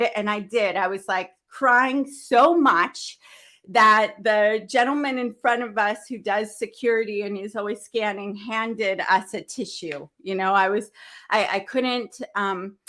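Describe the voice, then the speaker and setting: A woman hosting a business event livestream, talking earnestly and with deep feeling, open about her faith, often starting sentences over. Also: sharp tone. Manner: earnest, heartfelt, faith-filled, rambling with restarts. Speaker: event host. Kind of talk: emotional livestream talk.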